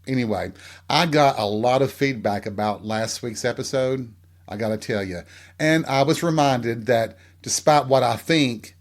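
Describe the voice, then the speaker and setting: A middle-aged man with a mild Southern accent rambles through a crude, self-mocking monologue as a podcast host. His voice sits at an ordinary male pitch, and he talks while getting dressed at home. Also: unhurried. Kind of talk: casual monologue.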